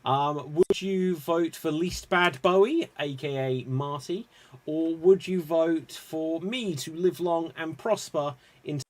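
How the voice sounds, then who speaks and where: A man's voice: fairly high pitch, a little hiss or hum. A man hosting an online improv game show, playful and self-mocking.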